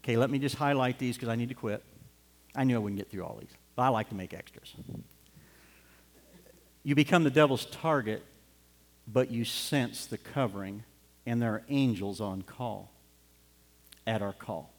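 A man's voice: medium pitch, normal speed, long pauses. A middle-aged man preaching a sermon, telling a personal story in an earnest way and building to fervent urging. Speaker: pastor. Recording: long hall reverb.

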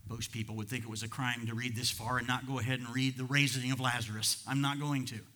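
A man's voice: mid-range voice, flat delivery, brisk, pushed and bright. A male pastor preaching a sermon to his congregation at a church service, talking conversationally with chuckles and rising to fervent emphasis.

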